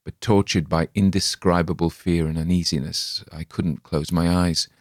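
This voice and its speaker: Give me a low-voiced male audiobook narrator, steady and dramatic. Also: moderate pace, dry recording, clean studio sound. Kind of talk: scripted narration.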